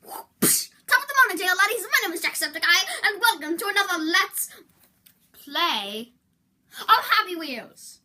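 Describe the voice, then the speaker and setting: A woman doing an impression of a wildly enthusiastic male gaming host, with a booming, overexcited greeting. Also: animated, unhurried, sharp tone, full character voice.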